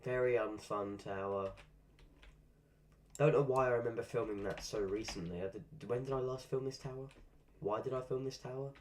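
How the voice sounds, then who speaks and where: A man's voice: mid-range voice, fast talker, few pauses, a little hiss or hum. A man with a cold and a stuffy voice, giving casual gameplay commentary with dry, grumbling, self-mocking asides. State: congested from a cold. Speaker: gaming streamer.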